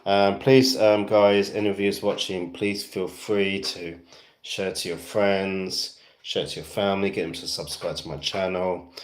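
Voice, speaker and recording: British guy rambling on his livestream, deep voice, lots of ums, echoey room. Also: level tone, a little slow. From West London, England. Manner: rambling and chatty, heavy fillers, self-amused. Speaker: YouTuber livestreaming to fans. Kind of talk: casual livestream chat.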